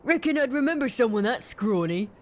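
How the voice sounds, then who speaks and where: A woman's voice: fairly high pitch, animated, fairly quick, darkish tone, close to an everyday voice. A woman playing a cocky miner lad. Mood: dismissive. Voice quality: slangy, mocking, shooing people off. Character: brash cocky young male miner, dismissive. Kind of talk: reading game dialogue aloud.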